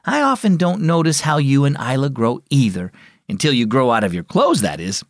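A man's voice: mid-range voice, sing-song, moderate pace, no room sound, clean studio sound. A man voicing a comforting mother tucking her son in, in a children's storybook reading. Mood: tender. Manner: soft, comforting. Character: tender, reassuring mother.

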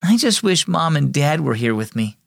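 A troubled young girl from a storybook, asking hard questions with quiet hurt. A man reads her lines close to a dry mic. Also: a little high, very animated, moderate pace, gravelly, no echo, pitched above the performer's own voice, heavily acted. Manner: sad, fierce questions.

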